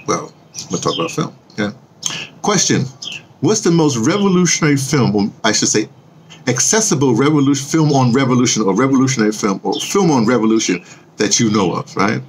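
A man's voice: mid-range voice, expressive, a little fast, a little hiss or hum. A man talking casually to viewers in a rambling monologue, restarting sentences often and teasing them with questions. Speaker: vlogger and audio drama producer.

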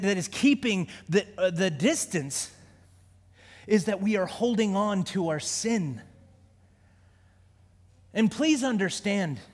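A man preaches in a church, his voice sitting unusually high for a man. He talks conversationally, stumbling and restarting words, then climbs into fervent prayer. Long reverb trails off every phrase in the sanctuary. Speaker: pastor. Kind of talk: sermon.

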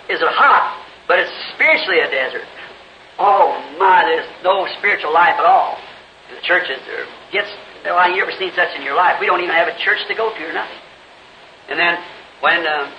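Folksy high-voiced preacher on old tape. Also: male voice. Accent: Southern US. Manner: folksy, acts out quoted voices, rises to pleading prayer. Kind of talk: storytelling sermon. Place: church auditorium. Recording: lo-fi 1960s church tape, roomy, faint hiss.

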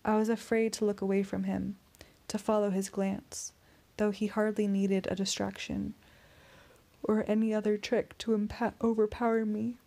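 A woman narrating a first-person audiobook in a steady, tense storytelling voice. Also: medium pitch, moderate pace, gravelly.

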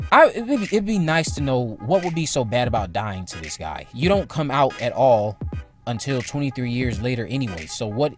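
Man hosting a casual movie-opinion vlog; average pitch, talks in loops and restates his take, light music bed behind. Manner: opinionated, repeats points, rambling. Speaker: movie commentary YouTuber.

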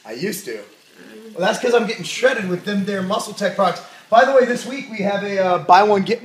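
A young man reviewing a supplement in a jokey vlog, loud and goofy, breaking into shouts. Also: high voice, moderate pace, echoey room, far from the mic.

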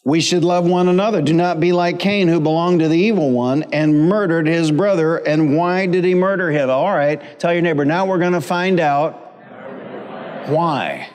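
Preaching in a church sanctuary, a middle-aged pastor uses humor and repetition and asks the congregation to answer him. His voice is on the high side, darkish yet clean, at a normal speed. The recording has a long reverb typical of a church hall.

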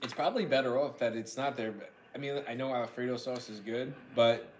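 A man's voice: medium pitch, a little fast. A young man with a New York accent chatting casually on a livestream, rambling and joking as he reads viewer comments. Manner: rambling, joking, repeats words. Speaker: livestream eating host.

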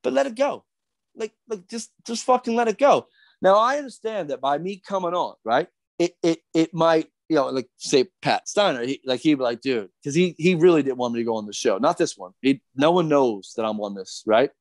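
A middle-aged skateboarder, a guest on a podcast, rants heatedly and is fired up. He swears a lot and keeps repeating fillers. His voice is a little high, animated and brisk, and the recording is dry.

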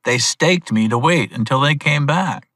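Grudging stableman voiced by a man: slow, sullen, dry close read. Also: medium pitch, expressive, a bit bright, dry recording. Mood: surly. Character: surly, grudging male stableman, slow-spoken.

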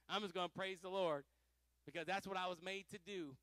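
A man pastor teaching a Pentecostal Bible study, fervent and animated, often laughing and swinging between loud exhortation and soft asides. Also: high-pitched, fairly quick, no echo.

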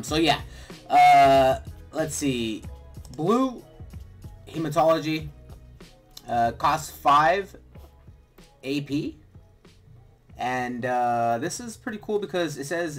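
A man hosting a gaming video, casually walking through a game strategy in a relaxed, rambling way with lots of fillers and restarts. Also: a little high, takes it slowly, long pauses, soft background music. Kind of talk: casual game walkthrough commentary.

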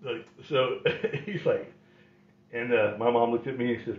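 A man's voice: medium pitch, unhurried. Wry, rambling middle-aged man telling stories. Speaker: host. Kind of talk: casual storytelling. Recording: roomy, slightly dull recording.

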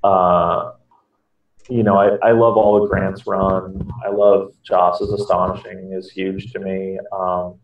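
A low-voiced man chats loosely as an interview guest, circling through his stories with plenty of fillers and restarts. His voice comes from a bit off the mic. It sounds muffled and lo-fi. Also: level tone, takes it slowly. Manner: rambling storyteller, many fillers and restarts. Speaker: comics writer guest. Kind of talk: casual interview chat. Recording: echoey, distant, dull lo-fi audio.

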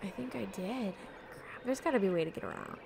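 A woman's voice: mid-range voice, animated, quick pace, vocal fry, noisy background. A woman giving casual, chatty let's-play commentary while streaming a game, exclaiming and joking at herself. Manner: chatty, exclaiming, self-deprecating.

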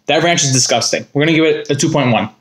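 A man's voice: on the high side, fast, a little hiss or hum. Blunt, jokey man reviewing snacks. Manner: blunt, rambling and jokey, with frequent fillers. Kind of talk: casual chip review vlog.

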